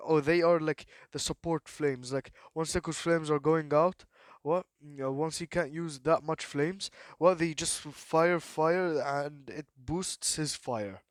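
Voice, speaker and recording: A man telling a made-up fan story off the cuff, halting often and filling gaps with "then what?". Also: a little high, dry recording. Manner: halting, full of fillers and repeated "then what?". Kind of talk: rambling improvised fan story retelling.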